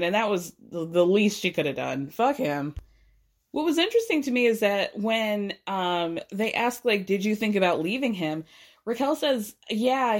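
Animated gossipy woman recapping reality TV. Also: medium pitch. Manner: animated, gossipy, profane, quick asides and laughs. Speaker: podcast host.

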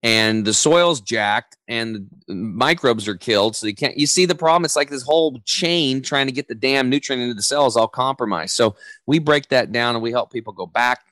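A middle-aged man, a podcast guest, talking in an energetic, casual way with slang. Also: mid-range voice, moderate pace, no echo. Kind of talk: podcast interview.

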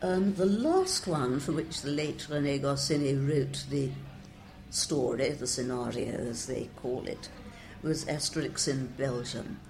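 A woman's voice: rumbling low, a little slow. An older woman, a translator, giving wry, discursive interview answers and quoting verse with relish.

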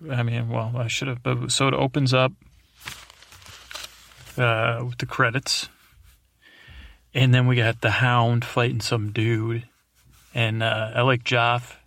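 Gravelly man rambling a sleep podcast. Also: mid-range voice, level tone, normal speed, a bit bright. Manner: meandering, drowsy, self-deprecating asides. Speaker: podcast host.

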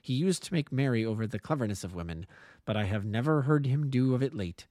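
A man, an amateur narrator, reading a classic story aloud with expressive storytelling. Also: medium pitch, fast, no room sound, clean studio sound. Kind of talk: audiobook reading.

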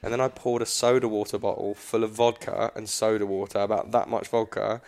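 Animated man telling a story. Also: on the low side, a little fast, vocal fry. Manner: animated anecdote teller, swears freely. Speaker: podcast host. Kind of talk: casual chat, storytelling.

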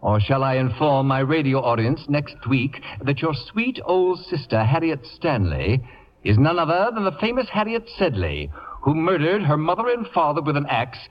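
A man's voice: a little high, big pitch swings, normal speed, lo-fi sound. An actor playing a pompous, acid-tongued older male radio celebrity in a 1940s radio play, with theatrical, mocking speech. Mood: gloating. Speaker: Sheridan Whiteside, lead role. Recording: scratchy 1940s radio broadcast with reverb.

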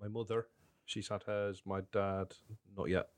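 Dry-humoured low-voiced man. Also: flat delivery, measured pace, clear, resonant tone, dry recording. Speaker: podcast co-host. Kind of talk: casual chat.

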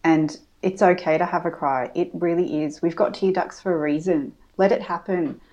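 An Australian woman joins a podcast chat with a notably low voice. She speaks earnestly and with encouragement, in a casual conversational tone. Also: steady tone, normal speed, warm tone, muffled recording. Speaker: podcast guest.

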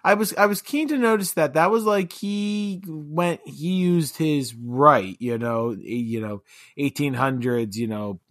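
A man talks through a movie in casual podcast banter, rambling and joking with frequent restarts. His voice sits a bit high and sounds bright. The recording is dry and close. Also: unhurried, dry recording. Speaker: podcast co-host. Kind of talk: casual film review chat.

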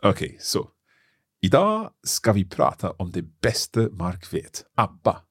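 A man hosting a casual lesson, working through phrases aloud with halting restarts and frequent laughs. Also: low-pitched, wildly swooping pitch, slightly rough, dry recording, studio quality. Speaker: language learner host.

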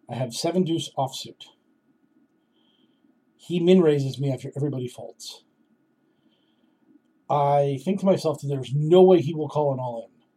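Husky man telling a wry story. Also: medium pitch, dark tone. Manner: wry, self-deprecating, sarcastic asides. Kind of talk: casual storytelling.

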